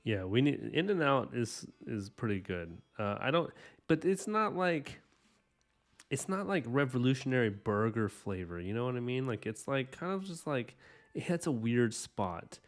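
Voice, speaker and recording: This man speaks at normal speed, his mid-range voice swinging widely in pitch. As the host of an art livestream, he chats casually with viewers and rambles enthusiastically, full of "like" and "you know."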